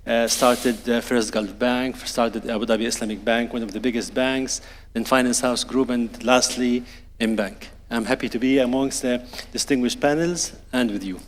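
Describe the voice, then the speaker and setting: A man in his fifties introduces himself on a conference panel in a mid-pitched voice. He speaks hesitantly, with many fillers and restarts. His voice rings with a long hall reverb. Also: fairly even intonation, normal speed, slight background noise. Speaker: panelist, banking executive.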